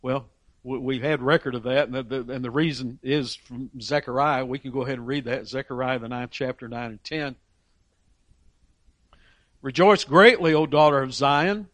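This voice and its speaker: A man's voice: mid-range voice, steady tone, a little fast, no room sound. Emphatic male preacher, dry sound. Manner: emphatic, voices characters in Bible stories. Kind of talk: sermon.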